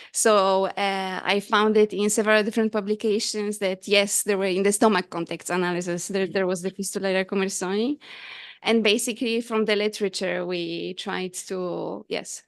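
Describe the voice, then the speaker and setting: A woman's voice: medium pitch, no room sound, studio quality. A woman giving a scientific conference presentation, hesitant with frequent fillers and restarts, somewhat out of breath. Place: conference hall.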